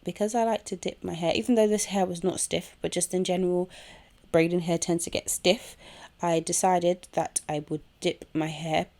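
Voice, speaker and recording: A woman's voice: lowish voice, fairly even intonation, normal speed, a little mellow. A young woman hosting a casual hair tutorial at home, chatting through each step while chewing gum. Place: home room with a kettle nearby.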